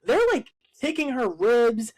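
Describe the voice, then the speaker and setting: Animated co-host recapping a film. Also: mid-range voice, unhurried, slightly rough. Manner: animated storytelling with many fillers. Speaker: co-host of a film review show. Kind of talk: casual film recap chat.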